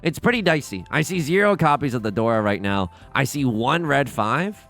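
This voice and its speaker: A man's voice: mid-range voice, big pitch swings, moderate pace, fairly bright tone. A young man hosting a let's play, rambling through stories and game commentary with lots of restarts and laughs. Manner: rambling storyteller, self-interrupting, laughs at his own stories. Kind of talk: casual gameplay commentary. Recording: faint music behind.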